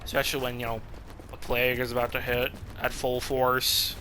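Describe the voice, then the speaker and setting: A man's voice: mid-range voice, monotone, fairly quick, sharp tone, slight background noise. A young man casually commenting while he plays a game, swearing often and laughing at his own jokes. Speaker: streamer playing a game.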